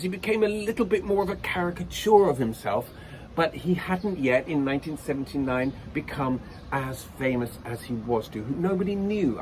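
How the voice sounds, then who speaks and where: A man's voice: mid-range voice, background noise. Effusive male vocal coach. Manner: effusive and openly emotional. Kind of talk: reaction commentary.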